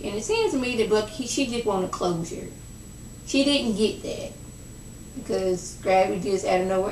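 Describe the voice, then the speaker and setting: A young woman chats through a reality show recap with a gravelly edge, dropping into a lower voice when she acts out what the cast said. She sounds a little off-mic, in an echoey room. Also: moderate pace, recorded from a distance, a little hiss or hum. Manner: chatty, gossipy, acts out quoted lines in lowered voice. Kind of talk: casual recap vlog.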